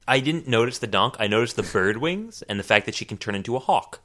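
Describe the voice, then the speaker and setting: A man's voice: mid-range voice, lively intonation, fast, a bit bright. A man co-hosting a podcast, hesitant with frequent ums and dry remarks while discussing an old cartoon. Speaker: podcast co-host. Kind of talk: casual chat reviewing a cartoon.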